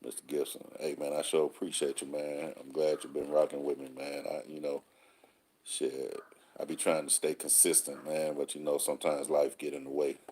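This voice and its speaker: Very deep husky man, laid-back. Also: level tone, moderate pace, darkish tone. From Texas. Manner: laid-back street slang, rhyming sayings. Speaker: call-in show host. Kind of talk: casual monologue answering listeners.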